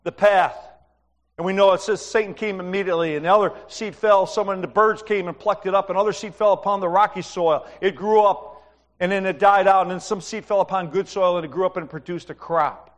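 A middle-aged male pastor with a notably high voice delivers a sermon. He talks in a conversational way, tosses questions to the congregation and tells his own stories with humor. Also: fairly even intonation, brisk.

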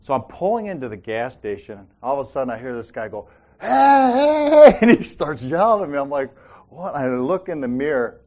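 A man's voice: mid-range voice, animated, a little fast. A man hosting a faith talk show, telling personal stories and often checking in with "right?" and "Amen?". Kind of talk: faith-based casual talk.

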